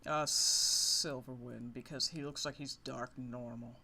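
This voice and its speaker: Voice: mid-range voice, steady tone, unhurried, gravelly, pushed and bright. A gamer giving casual, rambling commentary over a monster-catching game, often laughing and apologizing for going off track. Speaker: let's-play gamer.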